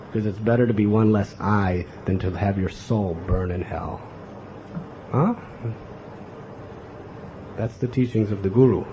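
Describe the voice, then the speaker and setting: A man's voice: lowish voice, unhurried, long pauses, background noise. A man giving a devotional lecture, earnest and often turning to the audience with a questioning "huh?". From America. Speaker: spiritual teacher giving a lecture. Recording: dull lo-fi lecture recording with faint ambience.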